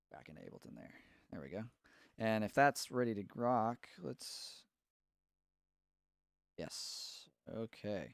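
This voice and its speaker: A man's voice: on the low side, gravelly, dry recording, clean studio sound. Rambling man hosting a stream. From Tennessee. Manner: rambling, distracted while fixing his setup, frequent fillers. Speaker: host of a live mixing Q&A stream. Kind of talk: casual live-stream chat.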